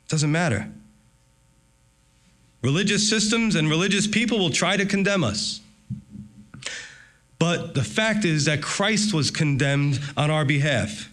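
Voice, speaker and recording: Animated preaching man, slightly high voice. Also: moderate pace. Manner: animated, acts out voices of God and Satan. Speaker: pastor. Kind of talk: sermon.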